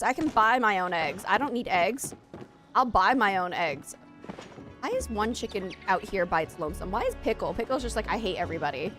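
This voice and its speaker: A woman live-streaming a cozy game, talking excitedly to her chat and game animals over a headset. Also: fairly high pitch. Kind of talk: casual live-stream chat while gaming.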